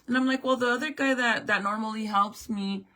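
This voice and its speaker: Woman venting a storytime to camera, bright sharp voice, swears a lot. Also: a little high, brisk. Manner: animated, swears often, acts out both sides of the talk. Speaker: vlogger. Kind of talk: casual storytime rant.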